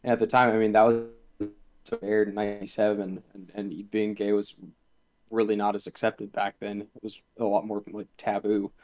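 A man guesting on a casual podcast, tossing out joking asides between his points. His voice sits on the lower side. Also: flat delivery, moderate pace, darkish tone, rough recording.

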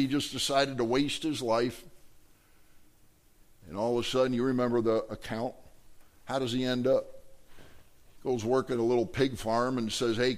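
A man, a pastor delivering a sermon in a folksy, animated way with lots of repetition. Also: mid-range voice.

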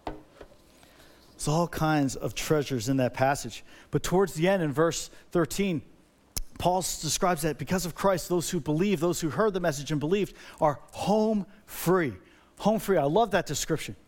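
Male pastor, middle-aged, higher voice, preaches with emphatic repetition. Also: unhurried, a little mellow. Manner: emphatic and repetitive, builds energy with repeated phrases. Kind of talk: sermon.

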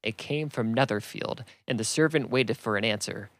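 A man's voice: mid-range voice, moderate pace, no room sound. A man reading a classic novel aloud as a plain audiobook narration, voicing the characters only lightly. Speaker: reader.

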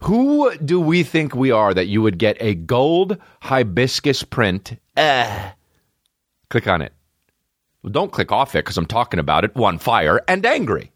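A man in his thirties hosting a podcast from home, rambling in a casual, profane, animated way with lots of restarts. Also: medium pitch, unhurried, no echo, clean studio sound. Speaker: podcast host. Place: at home, dogs nearby. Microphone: podcast microphone.

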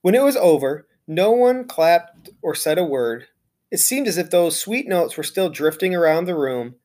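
A reader narrating a children's storybook aloud in an expressive, lively way. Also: mid-range voice, normal speed.

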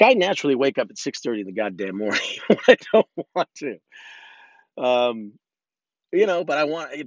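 A man's voice: mid-range voice, no room sound, dull audio. Rambling, swearing man on a podcast. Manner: rambling, swears a lot, frequent restarts; candid, self-reflective. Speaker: podcast host. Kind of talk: casual solo podcast monologue.

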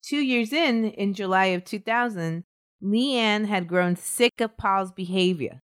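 A woman co-hosting a podcast narrates a true-crime case in casual chat, breaking off to trade jokes with her co-hosts. Her medium-pitched voice is clear and resonant, and she takes her time.

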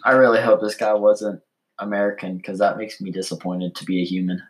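A man's voice: fairly low pitch, flat delivery, rough recording. A man co-hosting a casual comedy chat, making wry, teasing remarks about the jokes they read. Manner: wry, teasing, quick to joke. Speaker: co-host.

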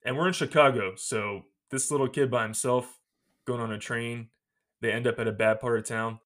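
A male podcast co-host casually recaps a film's plot, laughing often as he tells it. His mid-range voice is fairly bright, with fairly even intonation and a normal pace.

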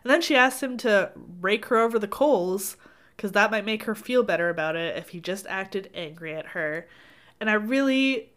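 A woman's voice: mid-range voice, normal speed, a bit bright. A woman in casual conversation about a book, acting out quotes mockingly and laughing along. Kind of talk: casual book discussion chat.

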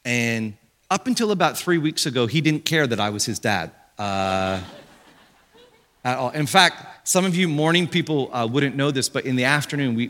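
A man in his thirties preaching a sermon from a church stage, telling an animated story about his family and jumping up into high shouts for quoted voices. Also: big-room sound. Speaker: pastor.

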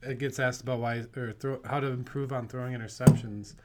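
Young male podcast co-host, mid pitch, wry and laughing, noisy recording. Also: flat delivery, fairly quick. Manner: laughing, swearing, wry asides. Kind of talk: casual banter.

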